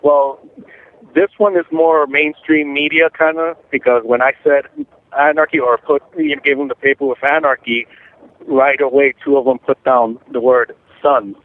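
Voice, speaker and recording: A man calling into a radio talk show, calmly reporting the answers people wrote down. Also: medium pitch, normal speed. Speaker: co-host reporting street responses. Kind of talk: casual radio chat. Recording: tinny phone line.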